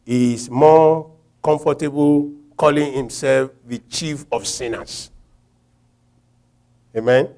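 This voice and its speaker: A Nigerian man preaching a sermon, telling a personal story with laughter and shouted quotes. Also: medium pitch, steady tone, slow pace, long pauses.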